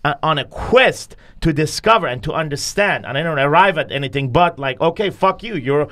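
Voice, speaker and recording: A man's voice: on the high side, animated, fairly quick, a bit bright. A man hosting a candid conversational podcast who talks bluntly, swears often and goes off on heated rants. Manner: blunt, profane, ranting. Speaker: podcast host.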